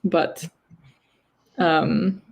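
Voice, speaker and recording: A woman hosts a livestream in relaxed, slow-paced conversation. She teases her guests and laughs often. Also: fairly low pitch, dull audio. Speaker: livestream host. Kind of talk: casual chat on a livestream.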